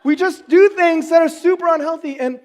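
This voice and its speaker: A man's voice: very high-pitched, normal speed. A man in his thirties preaching a sermon as a pastor, telling family stories with self-deprecating humor before turning earnest.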